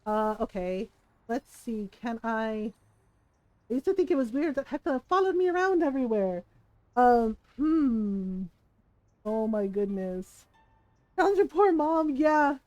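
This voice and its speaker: A woman streamer chatting casually while gaming, an animated storyteller who swears freely and laughs often. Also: a little high, unhurried, dry recording, dull audio. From Filipino family. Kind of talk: casual live-stream chat.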